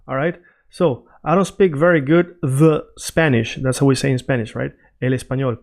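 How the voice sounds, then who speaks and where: A man teaching Spanish in a casual freestyle lesson, checking in with his listeners often and repeating phrases slowly to drill them. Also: mid-range voice, darkish tone. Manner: conversational, checks in often with "right?" and "all right?".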